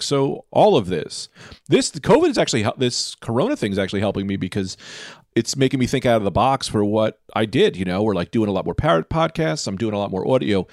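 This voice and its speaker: A man who is a stand-up comedian, a guest on a podcast, telling stories in a rambling, animated way. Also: on the low side, no echo, studio quality. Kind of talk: casual podcast chat.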